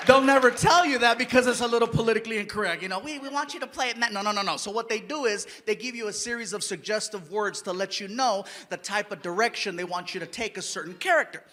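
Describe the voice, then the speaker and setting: A man's voice: sits high, fast talker, hardly any pauses. A male stand-up comedian telling a story and acting out the people in it. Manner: animated, acts out characters. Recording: noisy live stage recording.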